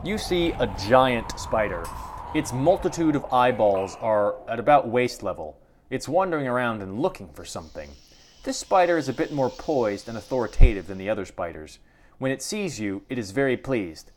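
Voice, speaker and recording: A man's voice: mid-range voice, moderate pace. Man reading game text with wry asides. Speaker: game streamer. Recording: steady background noise.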